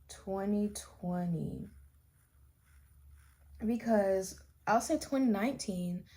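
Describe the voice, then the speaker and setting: A young vlogger with a lowish, mellow voice does her makeup as she tells her story. It's a casual get-ready-with-me chat, candid and rambling, with sentences she often restarts.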